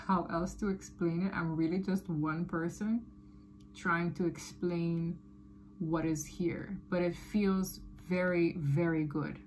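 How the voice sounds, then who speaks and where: A woman giving a tarot reading to her viewers, talking in a loose, animated way, often laughing and repeating phrases. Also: fairly low pitch, slight background noise, rough recording. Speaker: tarot reader. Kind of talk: casual tarot reading to camera.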